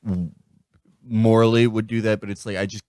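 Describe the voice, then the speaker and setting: A man's voice: lowish voice, little pitch movement, moderate pace, a little mellow, no echo, clean studio sound. A man co-hosting a podcast, chatting in a casual, joking way with lots of laughs and restarts. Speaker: podcast co-host. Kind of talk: casual comedic chat.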